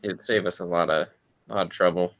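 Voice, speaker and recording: A man's voice: low-pitched, steady tone, fairly quick. A man voicing a polite, bumbling adventurer who talks hesitantly and apologetically.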